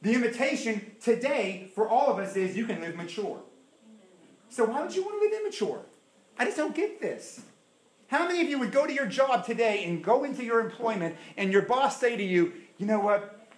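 Preaching as pastor in a room full of echo, a man speaks with a high-pitched voice at a moderate pace. His delivery is animated, shifting between loud, emphatic passages and quiet asides.

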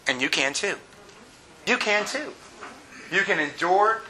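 In a rough recording, a middle-aged pastor delivers a sermon in a high, animated, bright and forceful voice, speaking a little slowly with long pauses. He shares personal stories with laughter, earnest at first and rising to fervent emphasis.

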